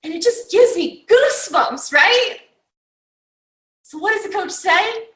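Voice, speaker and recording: Recapping a summit, this team coach gives a rousing talk packed with rhetorical questions and frequent "like" and "okay?". Her extremely high, expressive, slightly bright voice moves slowly with frequent pauses, and the audio sounds roomy and distant.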